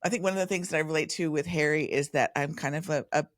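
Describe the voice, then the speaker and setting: A woman, a podcast guest chatting casually in an animated way, often breaking off mid-thought and mimicking voices. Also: low-pitched, quick pace, no room sound, clean studio sound. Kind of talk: casual conversation.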